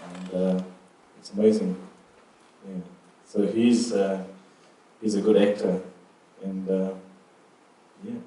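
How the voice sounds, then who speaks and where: A man's voice: low-pitched, level tone, takes it slowly, long pauses, warm tone. A middle-aged man telling cheeky personal anecdotes in a casual, chuckling way. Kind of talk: casual storytelling. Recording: echoey room, distant mic.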